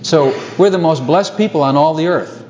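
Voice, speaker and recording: A man preaching a sermon to a congregation, animated, laughing often and asking rhetorical questions. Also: on the high side, moderate pace, a little hiss or hum.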